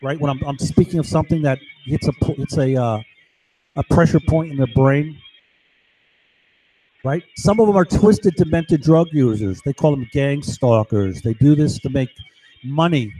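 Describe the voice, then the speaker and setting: An agitated man rambles on in a loose monologue, tagging "right?" onto his points and restarting often. His voice sits a bit high for a man. The sound is dry and close, with no room echo. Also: moderate pace, dark tone, husky. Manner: agitated, digressive, many restarts and "right?" tags. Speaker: vlogger. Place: home.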